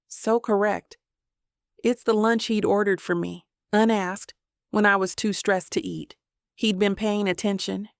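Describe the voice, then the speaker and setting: A woman narrating a first-person romance audiobook in an intimate, steady way into a close mic. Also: mid-range voice, vocal fry, no room sound.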